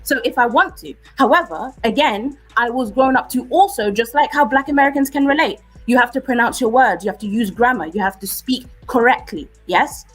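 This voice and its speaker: A woman with a British accent, arguing forcefully on a live-stream debate and often asking "okay?". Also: fairly high pitch, fairly quick, few pauses, husky, soft background music, low-quality recording. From United Kingdom.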